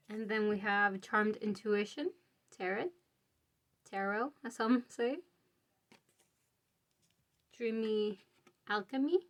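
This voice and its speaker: A young woman giving a casual tarot reading to her viewers, chatty and informal with many fillers. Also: fairly high pitch. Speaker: tarot reader.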